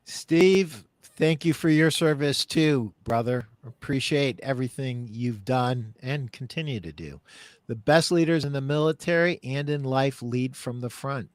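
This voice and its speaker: Man, podcast host, casual storytelling, animated, dry close sound. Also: mid-range voice, unhurried, no room sound. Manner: animated, laughs while telling stories.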